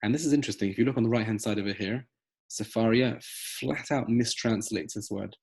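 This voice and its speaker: A Torah teacher gives a text study lesson, working through a close reading of scripture step by step. His voice is fairly low, gravelly, husky and a little mellow, moving a little fast. He's emphatic and leans on rhetorical questions.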